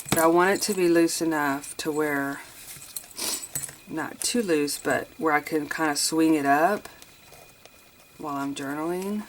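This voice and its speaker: Low-voiced chatty crafter woman. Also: unhurried, long pauses, slight background noise. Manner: chatty, thinks aloud while crafting, addresses viewers as you guys. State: sniffling. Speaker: craft tutorial host. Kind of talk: casual crafting tutorial chat.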